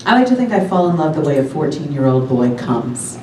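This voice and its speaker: A woman's voice: fairly quick, very noisy. Brash woman comic on a roomy club stage. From Long Island. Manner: brash, raunchy, animated storytelling with big pitch jumps. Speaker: stand-up comedian. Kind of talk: stand-up set. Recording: roomy club sound from a distance, loud audience. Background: audience laughter.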